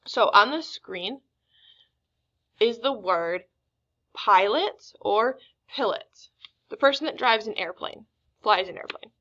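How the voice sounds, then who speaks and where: A woman teaching a recorded phonics lesson, reading words slowly and deliberately. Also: medium pitch, expressive, pushed and bright, highs cut off. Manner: slow, deliberate word-by-word reading.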